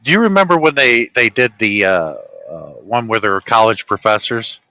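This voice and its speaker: A man's voice: fairly low pitch, lively intonation, normal speed, pushed and bright, no room sound, poor audio. A man in casual chat, enthusiastically chiming in and acting out lines from remembered scenes. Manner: enthusiastic fan, chimes in and acts out lines. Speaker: conversation partner.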